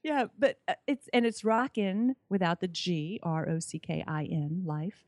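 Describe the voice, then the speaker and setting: A woman's voice: on the low side, measured pace, darkish tone, dry recording, clean studio sound. A middle-aged woman, a podcast guest, chatting enthusiastically and often restarting her sentences. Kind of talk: casual interview chat.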